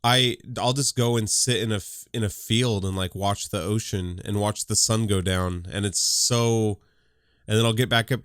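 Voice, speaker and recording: A man hosting a podcast, talking in a relaxed, enthusiastic way in casual conversation. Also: fairly low pitch, normal speed, clean tone, no echo, studio quality. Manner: relaxed, enthusiastic, says dude. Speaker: podcast host.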